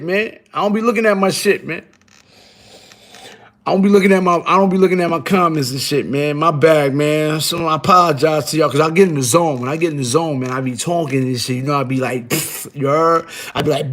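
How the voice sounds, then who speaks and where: A man's voice: a little high, fairly bright tone. A middle-aged man talking casually on a live stream, rambling and repeating himself in profane street slang. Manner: rambling, repetitive, streetwise slang, frequent "you heard?"; profane and emphatic. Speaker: guest on a live show.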